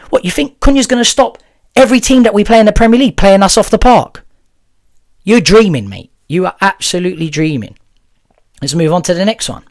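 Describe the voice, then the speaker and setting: A man's voice: sits high, very animated, quick pace, dry recording. Heated man ranting, dry sound. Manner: heated, blunt, keeps asking "yeah?" and "right?". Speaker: football channel host. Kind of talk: ranting fan commentary.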